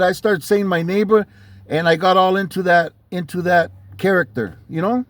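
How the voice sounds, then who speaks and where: A man with a fairly high voice tells a story to camera in a loose, conversational way, full of street slang and restarts. The sound is dry and close. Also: moderate pace, fairly bright tone, no echo. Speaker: channel host.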